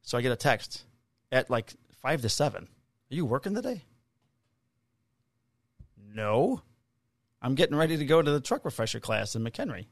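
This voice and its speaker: A man's voice: medium pitch, lively intonation, brisk, gravelly, dry recording, studio quality. A middle-aged man on a podcast, casually telling a work story, swearing freely and acting out the people he quotes in a raised voice. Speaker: podcast co-host, police officer.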